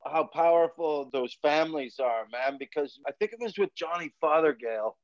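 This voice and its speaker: Male podcast guest, crude and jokey, slightly high pitch, dry lo-fi audio. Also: expressive, normal speed, dry recording. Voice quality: crude, laughs often, says "man" a lot. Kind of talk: casual podcast chat. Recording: dry, muffled lo-fi recording.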